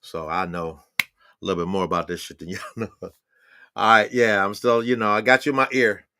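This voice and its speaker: A man's voice: on the low side, steady tone, brisk, sharp tone, no echo, studio quality. A man in his sixties giving a rambling, profane livestream monologue with laughing asides. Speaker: livestream host. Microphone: phone or webcam on a live stream.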